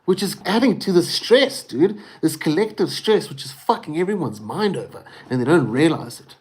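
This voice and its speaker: This man's voice runs on the high side, animated and at a moderate pace, as he goes on a loose, rambling rant straight to his livestream. He swears freely and keeps addressing the listener as "dude" and "bro."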